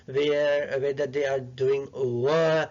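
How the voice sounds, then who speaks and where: A man's voice: mid-range voice, flat delivery, slow, a little mellow. A man who is not a native English speaker teaching a pronunciation lesson, coaching patiently and repeating his points. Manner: patient, repetitive coaching, non-native phrasing. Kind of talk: instructional lesson. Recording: dull lo-fi sound.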